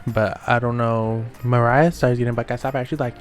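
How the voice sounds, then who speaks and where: A man recaps a reality show in a casual, sassy voice full of slang and quick throwaway asides. His pitch sits in the middle, and faint music plays under him. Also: fairly even intonation, clear, resonant tone.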